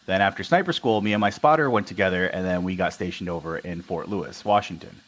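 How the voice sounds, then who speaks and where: A young army veteran from Wisconsin, guesting on a podcast, casually tells stories and animatedly acts out the dialogue. He talks fast in a low-pitched voice. The recording is rough.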